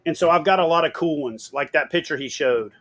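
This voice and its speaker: As a guest in an interview, a middle-aged man recounts stories a little fast, his voice fairly high. He's lively and swears offhandedly, loudly voicing the things people said to him.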